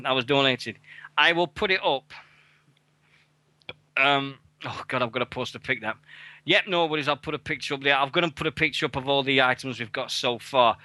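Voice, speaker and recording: A man co-hosting an internet wrestling radio show, talking excitably and swearing freely. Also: mid-range voice, dry recording. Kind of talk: casual internet radio chat.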